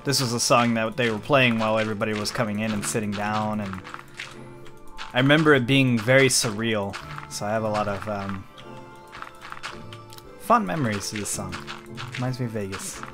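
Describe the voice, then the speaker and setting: A man's voice: lowish voice, moderate pace, long pauses, over music. A man talking casually while playing a game, rambling and correcting himself as he goes. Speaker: let's play host. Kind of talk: casual gameplay commentary.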